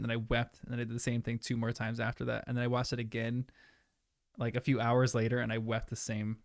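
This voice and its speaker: A man's voice: mid-range voice, clear, resonant tone, dry recording, studio quality. A young man chatting casually and emotionally as he reacts to a movie with his viewers. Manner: emotional, chatty, trails off into soft asides. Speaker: streamer watching a movie with chat. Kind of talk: casual live commentary.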